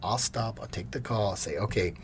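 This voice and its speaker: A man's voice: fairly low pitch, a little fast, a little hiss or hum. A man in his fifties, a mortgage loan officer, telling stories in a podcast interview and acting out his customers' lines. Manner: animated storyteller, acts out customers' lines. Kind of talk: casual storytelling interview.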